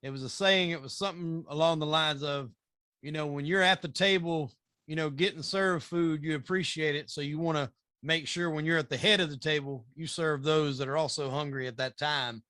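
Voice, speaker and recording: A man's voice: fairly high pitch, fairly even intonation, fairly quick, sharp tone, clear, resonant tone, dry recording, clean studio sound. A man hosting a podcast, chatting casually and restarting his thoughts as he looks for the words. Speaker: podcast host. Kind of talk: casual interview chat.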